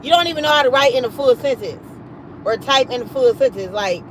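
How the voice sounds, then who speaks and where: Woman livestream host, high voice, casual profane storytelling, acts out quotes. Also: animated, fairly quick, slight background noise, rough recording.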